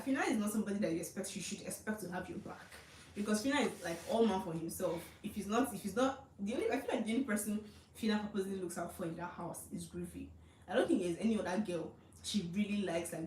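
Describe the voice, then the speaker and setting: A woman's voice: mid-range voice, roomy sound, far from the mic, slight background noise, rough recording. A young Nigerian woman chatting casually and recapping reality show drama in a gossipy, filler-heavy way. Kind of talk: casual commentary.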